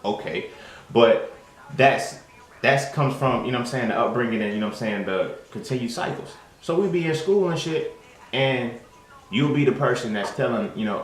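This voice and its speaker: Low-voiced man in a roomy, echoing space. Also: brisk, a little hiss or hum. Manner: profane, streetwise slang, frequent fillers. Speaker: host. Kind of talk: casual monologue. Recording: roomy echo.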